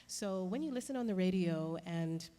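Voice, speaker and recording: Lady voice actress chatting on a panel, lively and laughing, big echoey hall. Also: on the low side, normal speed. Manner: warm, laughing, animated storytelling. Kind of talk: panel talk. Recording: reverberant convention hall.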